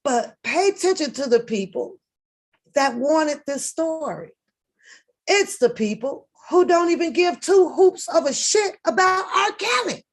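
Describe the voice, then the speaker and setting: A woman with a high, expressive voice speaks slowly while reacting to something, like a reaction video host. She's blunt and rambling, swears plenty, and tosses in sarcastic asides.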